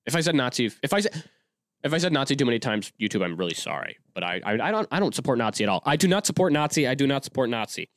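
A man's voice: mid-range voice, sing-song, racing, a bit bright, dry recording, studio quality. A man in his twenties hosting a solo podcast, talking casually in a rambling way with many restarts and fillers. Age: 20s. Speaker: podcast host.

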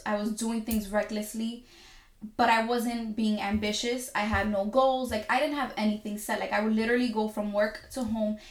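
A young adult woman telling a personal story in an animated way, acting out her own inner dialogue and often laughing. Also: fairly high pitch. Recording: echoey room.

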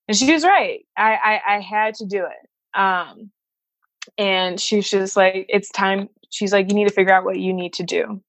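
A woman's voice: medium pitch, fairly even intonation, normal speed, a bit bright, no echo. A woman from the Chicago suburbs telling a personal story to an interviewer, candid and emotional, swearing freely and acting out the voices of people she quotes. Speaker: interview guest.

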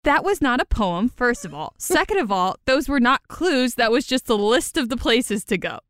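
A woman co-hosting a casual podcast recap, animated and laughing often. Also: on the high side, normal speed, no echo. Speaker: podcast co-host.

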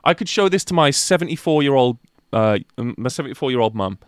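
A man's voice: mid-range voice, fast talker, clear, resonant tone, no echo, clean studio sound. A man in his thirties from England, co-hosting a casual chat and talking with sweary enthusiasm. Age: 30s. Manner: animated, swears freely, enthusiastic storytelling. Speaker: podcast co-host.

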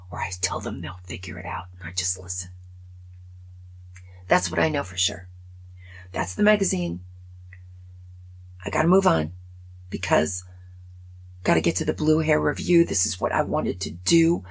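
A woman in her late sixties hosting a podcast, talking in a wry, chatty, self-mocking monologue with a gravelly, husky voice. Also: on the low side, measured pace, long pauses, low-quality recording. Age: over 65. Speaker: podcast host. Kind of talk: casual monologue.

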